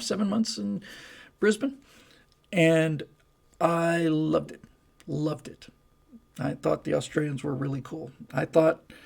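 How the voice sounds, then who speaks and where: Male livestream host, slightly high voice with heavy fry, rambling and chatty. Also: darkish tone. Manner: rambling, chatty, with many restarts and fillers. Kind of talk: casual livestream Q&A.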